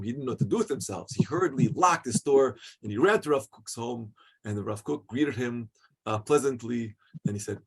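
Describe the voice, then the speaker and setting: A man teaching a religious class as a rabbi, telling a story in an animated way with many restarts. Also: mid-range voice, fairly quick, creaky, slight background noise.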